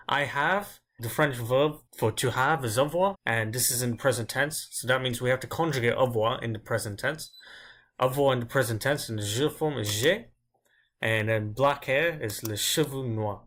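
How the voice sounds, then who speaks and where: A man teaching grammar as a language teacher, explaining step by step and slowing down to drill each example word. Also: mid-range voice, a bit bright. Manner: slow, deliberate drilling of example words.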